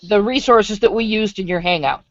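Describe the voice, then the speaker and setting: A woman in a casual online group chat, talking quickly and chattily with exasperation. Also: medium pitch. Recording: dry, dull lo-fi web call audio.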